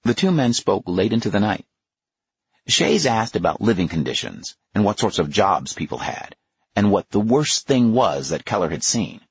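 A man with a husky voice giving a measured, expressive nonfiction audiobook narration. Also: lowish voice, no room sound, dull audio.

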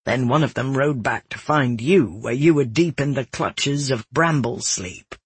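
A man voicing a calm, wise old male roadmaster in an audiobook, speaking slowly and softly. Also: medium pitch, breathy edge, dry recording. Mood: matter-of-fact. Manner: slow, soft-spoken. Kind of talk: audiobook narration.

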